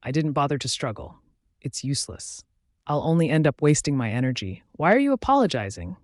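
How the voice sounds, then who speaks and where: A man voicing a flustered, blunt young woman in an audiobook, talking in quick, awkward protests. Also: on the high side, very animated, dry recording, clean studio sound.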